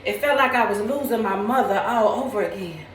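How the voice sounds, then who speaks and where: A tearful woman giving a preacherly testimony to camera, calling the listener "baby" and rising into near-shouting praise. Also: mid-range voice, fairly quick, reverberant, far from the mic, a little hiss or hum, low-quality recording.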